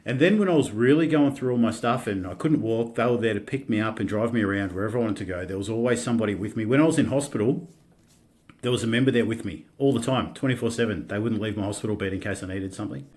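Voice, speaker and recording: Halting, candid Australian man. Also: fairly low pitch, darkish tone. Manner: halting, with many restarts and casual swearing. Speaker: podcast guest. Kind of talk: candid personal storytelling in a podcast interview.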